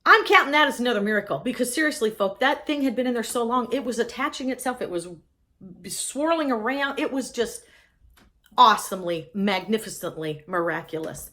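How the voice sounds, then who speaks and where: Lively woman telling a personal story. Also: fairly high pitch, a little fast. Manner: lively, humorous, laughs often.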